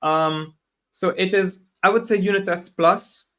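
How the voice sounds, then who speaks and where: A man's voice: sits high, fairly even intonation, a little slow, a bit bright. Casual man explaining with many restarts. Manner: casual, self-correcting, laughs often, answers chat questions. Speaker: host. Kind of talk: live stream talk on software testing.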